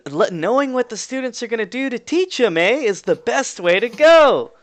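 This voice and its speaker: A man's voice: very high-pitched, lively intonation, moderate pace, a bit bright, pitched above the performer's own voice. A man doing a cocky Canadian-accented teacher. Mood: teasing. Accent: put-on Canadian. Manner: teasing, tags sentences with "eh". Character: cocky jovial male teacher, teasing.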